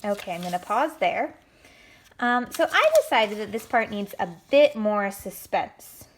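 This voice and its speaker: A woman's voice: medium pitch, lively intonation, unhurried, slight background noise. A woman teacher giving a recorded writing lesson to children, explaining step by step in an encouraging way.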